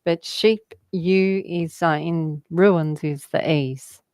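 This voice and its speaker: A woman's voice: low-pitched, steady tone, darkish tone, no echo. A woman, a guest telling rambling spiritual stories in a conversation, often laughing. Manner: slow, meandering storytelling with laughs.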